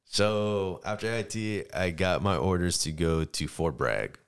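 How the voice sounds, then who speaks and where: A man's voice: low-pitched, unhurried, smooth. An American man as a podcast guest, telling a story in casual, slangy chat and acting out the people in it. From United States.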